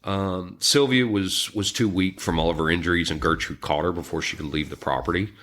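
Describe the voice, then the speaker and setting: A man co-hosting a podcast, recounting a true crime story in a somber, halting way, with frequent ums and restarts. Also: low voice, fairly bright tone. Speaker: podcast co-host.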